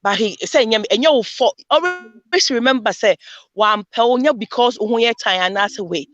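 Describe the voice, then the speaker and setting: Animated woman telling stories. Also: fairly high pitch, normal speed, dull audio. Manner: animated storytelling, mixes in Twi phrases. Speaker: panelist. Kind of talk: casual group discussion.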